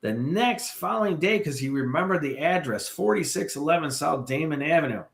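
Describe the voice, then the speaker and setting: Animated man telling ghost stories. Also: fairly high pitch, fairly quick, creaky, echoey room. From Chicago area. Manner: animated storyteller with many asides. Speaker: paranormal tour guide, guest. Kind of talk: ghost-story telling on a podcast.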